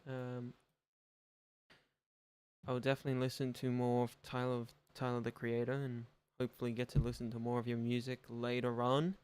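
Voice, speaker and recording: A young man signing off his gaming livestream, rambling and self-deprecating, often trailing off into quieter mumbles. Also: mid-range voice, smooth. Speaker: gaming streamer. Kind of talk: casual livestream sign-off chat.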